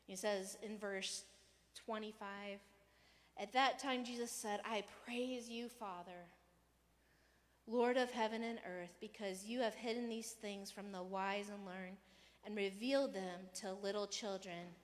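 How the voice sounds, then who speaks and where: A woman pastor giving a casual, conversational sermon, animated and playful, sometimes raising her voice to act out a rant. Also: mid-range voice, a little slow, long reverb tail. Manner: conversational, animated, acts out rants with raised voice. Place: church hall.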